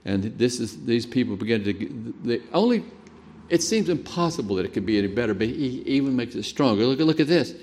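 An older male preacher delivering a sermon, telling anecdotes with sudden rises in pitch and loudness and chuckling between points. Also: fairly quick. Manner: animated storytelling with sudden jumps in pitch and loudness.

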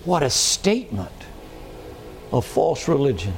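A male pastor preaches slowly and emphatically to a church congregation, driving his points home with repetition and rhetorical questions. His mid-range voice swings widely in pitch and is creaky, with a little hiss or hum in the background.

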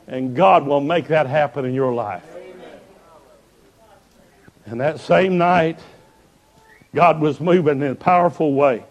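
A man preaching a revival sermon, telling stories fervently and building up to shouts. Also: a little high, lively intonation, takes it slowly, pauses often.

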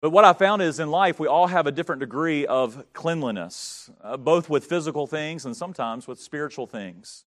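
A man's voice: on the high side, expressive, moderate pace, few pauses. A middle-aged male pastor from North Carolina preaching a sermon, telling stories and building to emphatic swells.

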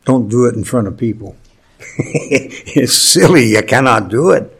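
A male pastor delivering a sermon at an unhurried pace, leaning on key words with deliberate pauses. His voice sits at an ordinary middle pitch, and he slips in gentle humor between points. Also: animated, slightly rough. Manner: slow, deliberate preaching with emphatic pauses and light humor.

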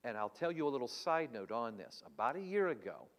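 A man's voice: mid-range voice, sing-song, brisk, a bit bright, long reverb tail. A man preaching in an earnest, emphatic way, teaching Bible answers on a live stream and asking rhetorical questions.

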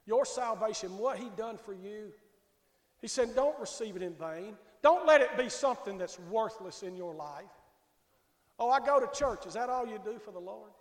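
A man's voice: high-pitched, moderate pace. A man preaching a folksy, emphatic sermon to his congregation as pastor in a church sanctuary. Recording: echoey hall with long reverb.

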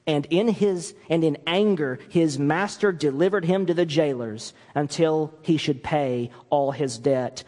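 A man preaching a sermon as pastor, lively and animated, acting out quoted apologies as he teaches. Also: fairly high pitch, a little slow, few pauses, big-room sound. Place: church sanctuary.

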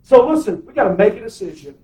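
A pastor with a very high voice preaches emphatically and draws amens from the congregation. His voice carries through a roomy, echoey sanctuary. He is picked up from well back from the mic. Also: sing-song, quick pace, warm tone, recorded from a distance. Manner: emphatic, call-and-response preaching. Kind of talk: sermon.

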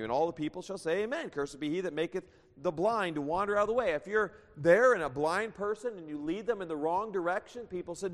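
Speaking fast with hardly any pauses, a man with a high-sitting voice preaches in a church sanctuary. He reads scripture and explains it, raising his voice at times, while a long hall reverb trails his words.

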